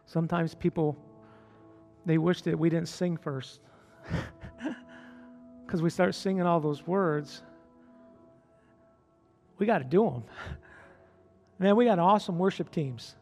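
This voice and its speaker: A man preaching as pastor of his church, from upstate New York, building from quiet talk to loud, pleading calls to the congregation. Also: fairly high pitch, takes it slowly, pauses often, big-room sound, faint music behind. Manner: repetitive rallying calls to the congregation. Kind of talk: preaching a sermon. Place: church sanctuary.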